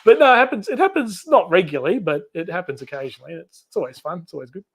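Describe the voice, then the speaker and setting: A man's voice: high voice, sing-song, fast, a bit bright, slightly rough. An Australian man hosting a casual live stream chat, talking easily, laughing often and acting out little dialogues as he tells stories. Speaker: channel host.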